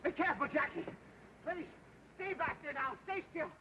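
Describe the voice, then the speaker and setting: A jittery, very high-pitched man, stuck on a ledge beside a lion, alternately coaxing the beast and shrieking for help. The sound is a dull old 1940s film soundtrack with a steady hiss underneath. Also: moderate pace. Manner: coaxing, then frantic yelling for help. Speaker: actor in a 1940s film comedy.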